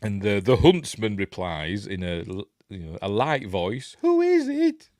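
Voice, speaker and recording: A man's voice: lowish voice, expressive, unhurried, no echo, studio quality. A middle-aged man with a Yorkshire accent hosting a rambling, chuckling film breakdown, going off on tangents as he talks. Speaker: film review host. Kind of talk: casual film commentary.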